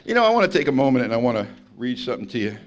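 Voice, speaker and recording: A man sharing his recovery story at a meeting, blunt and confessional, telling it with animated storytelling and acting out the voices he quotes. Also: mid-range voice, very fast. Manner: blunt, confessional and self-mocking. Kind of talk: personal testimony talk to a recovery meeting.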